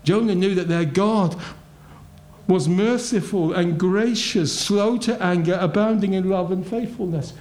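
A man preaching a sermon, emphatic and full of rhetorical questions, his voice swinging between loud and hushed. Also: sits high, measured pace. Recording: roomy echo.

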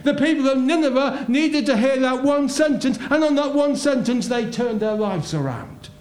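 Man, preacher, sermon, high-pitched, emphatic, rhetorical questions, echoey hall. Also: lively intonation, normal speed. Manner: emphatic, rhetorical questions, swings between loud and hushed. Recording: roomy echo.

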